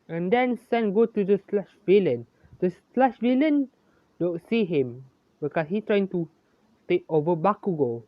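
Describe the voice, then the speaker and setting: A storyteller reading a homemade fan story aloud, halting, with frequent restarts and self-corrections, in a lo-fi, dry recording. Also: medium pitch, lively intonation, dry recording. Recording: dull, lo-fi, dry.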